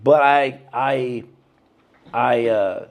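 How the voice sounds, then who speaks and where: A man's voice: medium pitch, very slow. A man in his thirties, a podcast guest telling stories in a laid-back, casual way. He keeps saying "bro" and "man" and raises his voice to act out quotes. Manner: animated, acts out quotes in a raised voice. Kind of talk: casual storytelling interview.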